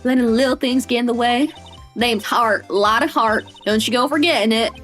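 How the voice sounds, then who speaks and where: A woman's voice: on the high side, moderate pace, a bit bright, soft background music, natural voice. A woman voicing a cocky, brash Southern woman photographer with a folksy drawl, reading game dialogue aloud. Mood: breezy. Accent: American Southern. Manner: folksy drawl, bold and teasing.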